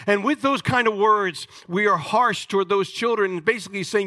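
A man's voice: high voice, normal speed, few pauses, bright, forceful tone, dry recording, studio quality. A man preaching a sermon as pastor, talking emphatically and calling on the congregation for amens.

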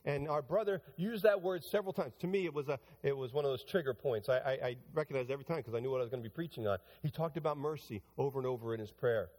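A man's voice: medium pitch, fast talker, few pauses, a little mellow, big-room sound. A man preaching a sermon to his church, talking conversationally and building to emphatic preaching. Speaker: pastor. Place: church sanctuary.

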